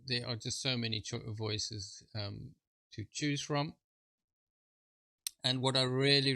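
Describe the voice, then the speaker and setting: Guy demoing software on screen, lots of ums, gravelly, super bright dry sound. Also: mid-range voice, no room sound. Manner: halting, full of fillers and restarts; chuckling, informal asides. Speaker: presenter. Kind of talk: screen-share software walkthrough.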